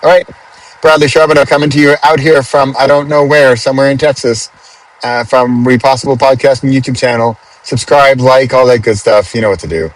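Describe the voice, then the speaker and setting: A man hosting a podcast, talking casually from a car on a highway and thinking aloud with frequent restarts. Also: fairly even intonation, fairly quick, rough recording. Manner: chatty, thinks aloud with restarts and self-corrections. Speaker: podcast host. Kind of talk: casual spoken reflection.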